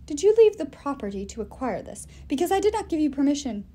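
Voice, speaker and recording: A woman's voice: high voice, very animated, fast, mellow, pitched above the performer's own voice. A woman voicing a bitter, stern old male elf father who talks in a cold, scolding way. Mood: stern, scornful.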